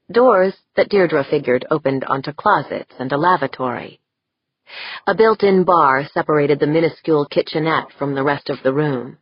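Husky, low-voiced woman narrator. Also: no room sound. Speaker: audiobook narrator. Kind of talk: audiobook narration. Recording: slightly dull audio.

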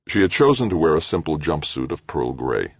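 Very deep gravelly male narrator. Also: sing-song, fairly quick, dry recording. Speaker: audiobook narrator. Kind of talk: scripted narration.

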